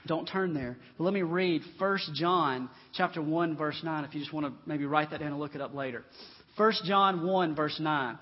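A man preaching a sermon to his congregation in a church, swinging from loud emphatic lines to quiet, conversational asides. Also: sits high, a little fast, breathy edge. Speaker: pastor. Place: church sanctuary. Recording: dull lo-fi sound in a long-reverb hall.

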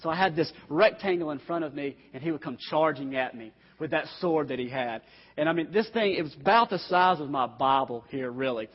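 A man preaches a little fast, his fairly high voice carrying lively intonation and a breathy edge. As pastor, he speaks earnestly and directly to those listening, though the sanctuary recording is dull and echoey from the hall's long reverb.

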